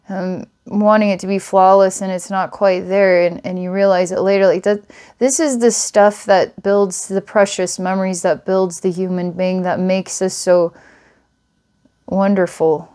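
A woman giving a channeled psychic reading, rambling and giggling often, then dropping to a soft, hushed tone. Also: measured pace, clear, resonant tone. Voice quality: giggly, rambling, frequent laughs and restarts. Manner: lively and emotional, softens to a hushed low tone. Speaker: psychic reader.

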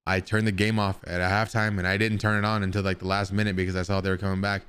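A man's voice: deep voice, level tone, quick pace, fairly bright tone, slight background noise. A man streaming live, chatting casually with his viewers in a rambling way and swearing now and then.

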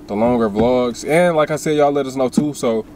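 A man's voice: normal speed, a little mellow, a little hiss or hum. A young man co-hosting a couple's mukbang vlog, chatting casually in slang from inside a car. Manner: laid-back, slangy, swooping pitch.

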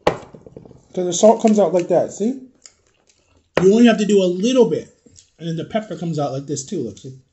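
Congested man, slightly high voice, halting confessional vlog from home. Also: lively intonation, highs cut off, background noise. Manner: rambling, halting, searching for words. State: congested, stuffy nose. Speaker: vlogger. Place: at home, eating on camera.

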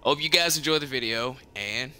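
A man giving let's play commentary as a gaming YouTuber, dramatic and expressive, swinging between yelling and mumbling. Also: medium pitch, normal speed, a little hiss or hum.

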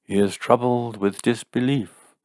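A man's voice: medium pitch, fairly even intonation, a little slow, a little mellow, dry recording, clean studio sound, pitched above the performer's own voice, lightly acted. A man doing a grave, solemn fortune teller. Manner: grave, mournful intoning. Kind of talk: audiobook character voice.

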